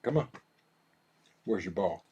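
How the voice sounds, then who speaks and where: A man's voice: low voice, animated, slow, breathy edge, highs cut off. A man hosts a casual live stream, reading out viewer comments, laughing easily and coaxing his dog. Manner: easygoing, laughs often, talks softly to his dog.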